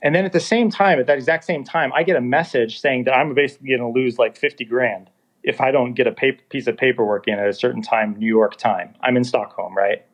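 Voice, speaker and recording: A man in his thirties telling his own story in a casual, animated way, acting out the dialogue as he goes. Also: medium pitch, brisk. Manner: animated, acts out dialogue in quotes. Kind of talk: casual first-person storytelling. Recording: dull lo-fi sound.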